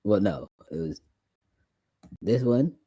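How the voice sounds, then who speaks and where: Laid-back man with a dark, low voice. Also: animated, slow pace, slightly rough, dry recording. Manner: rambling, restarts often, laughs while telling stories. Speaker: music producer streamer. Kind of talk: casual stream chat.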